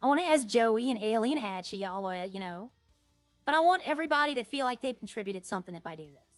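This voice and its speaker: While streaming a roleplay game, a woman chats casually and rambles, often trailing off and starting over. Her voice is a little high and animated, her pace quick, and the recording is dry with faint music in the background.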